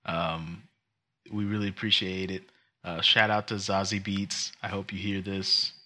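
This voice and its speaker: A man co-hosting a casual podcast, joking and teasing, often trailing off softly. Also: low voice, little pitch movement, a little slow. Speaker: podcast co-host. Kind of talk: casual chat.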